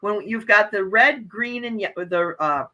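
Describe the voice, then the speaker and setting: A woman from Wisconsin hosts a relaxed morning chat stream. She talks in a chatty, easygoing way and reads viewer messages aloud. Her voice has a bright, forward tone. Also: mid-range voice, unhurried. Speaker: livestream host. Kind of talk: casual chat.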